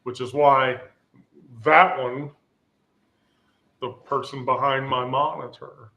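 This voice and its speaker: A man in a casual group chat, candid and blunt, often laughing loudly. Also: mid-range voice, fairly even intonation, slow, highs cut off.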